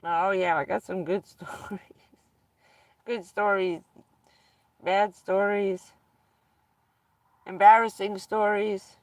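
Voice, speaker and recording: A woman's voice: mid-range voice, level tone, slow pace, long pauses, no echo, far from the mic. A woman vlogger casually telling rambling personal stories to her viewers, often breaking into laughter mid-sentence.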